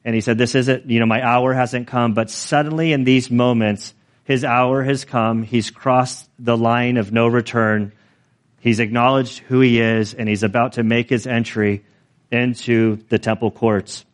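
A man preaching a sermon in a relaxed, conversational way, with light self-deprecating asides. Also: mid-range voice, a little slow. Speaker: pastor.

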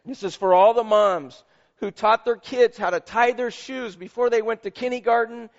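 A man's voice: very high-pitched, fairly even intonation, normal speed, dull audio. A man preaching a sermon as pastor, emphatic and conversational, with asides to the congregation.

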